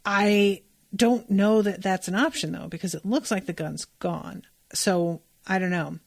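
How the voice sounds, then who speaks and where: A woman's voice: medium pitch, steady tone, measured pace, gravelly, no echo, clean studio sound. A woman hosting a podcast, recapping an episode in a loose, conversational way, full of "like" fillers and blunt swearing. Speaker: podcast host.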